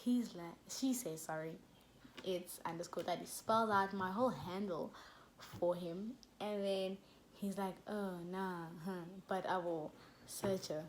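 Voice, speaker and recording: A young South African woman with a South African accent, telling a story in a chatty, animated vlog and dropping local words into her talk. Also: on the low side, measured pace, a little hiss or hum. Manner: chatty and animated, with laughs and code-switching. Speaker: YouTuber.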